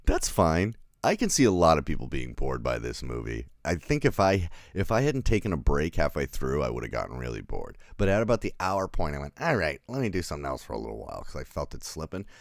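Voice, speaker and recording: A man with a strikingly deep, low voice talks through a film in a loose, rambling livestream, often chuckling as he answers viewers in the chat. His pitch swings around a lot as he talks. The sound is close and dry, with no room echo. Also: wildly swooping pitch, quick pace, creaky, hardly any pauses. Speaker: film reviewer. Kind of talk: casual livestream review.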